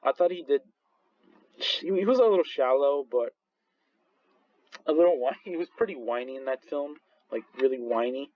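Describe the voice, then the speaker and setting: A man's voice: medium pitch, lively intonation, moderate pace, long pauses, dry recording. Guy ranting about movies, rambling and laughing, kinda dull dry mic sound. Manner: rambling, full of restarts and fillers, laughs often. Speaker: movie reviewer. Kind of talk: casual chat.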